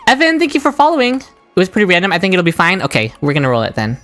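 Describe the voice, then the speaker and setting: A woman streaming a game into a desk microphone, talking to her chat in a low voice. Her pitch swings wildly, and she breaks into shrieks and laughter when a roll goes her way. Quiet music plays under her. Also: racing. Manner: excitable, shrieks and laughs at lucky rolls; chats with viewers in chat. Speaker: gaming streamer. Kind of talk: live-stream gaming commentary.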